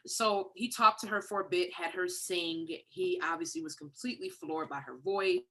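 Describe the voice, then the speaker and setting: A woman's voice: lowish voice, moderate pace. A middle-aged woman from Detroit, a guest songwriter, telling a story in casual talk over a video call and acting out the voices she quotes. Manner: animated, acts out quoted voices.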